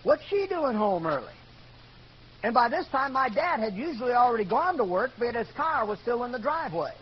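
An older man telling a personal story in a sermon, earnest and building to loud outbursts. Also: very high voice, very animated, fairly quick. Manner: earnest storytelling, rises to shouting when quoting. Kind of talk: sermon testimony. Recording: dull lo-fi recording with faint noise.

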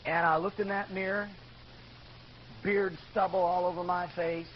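A man with a very high voice tells his own story from the pulpit, animated and conversational. The recording is muffled and lo-fi, with a faint hiss underneath. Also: a little slow. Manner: animated storyteller, bursts into loud shouts in quoted lines. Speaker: preacher giving testimony. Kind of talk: sermon testimony storytelling. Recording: dull lo-fi recording with faint noise.

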